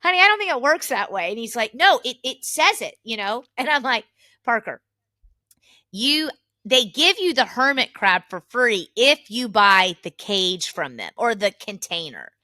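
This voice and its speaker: A woman with a bright, high-leaning voice, chatting as a podcast co-host. She tells family stories in an animated way and laughs often. The sound is close and dry. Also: measured pace, no echo. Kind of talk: casual family chat.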